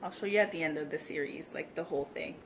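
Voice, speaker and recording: Lowish voiced woman gushing over her crafts, bubbly, slips into whispers, faint room hum. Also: fast talker. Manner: gushing, bubbly, often breaks into soft whispers. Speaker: craft vlogger. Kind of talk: casual craft tutorial chat.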